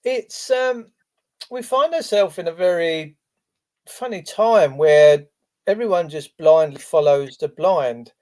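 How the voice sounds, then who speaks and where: Casting: higher, mellow man, rambling reflective guest. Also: slow pace. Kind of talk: casual chat.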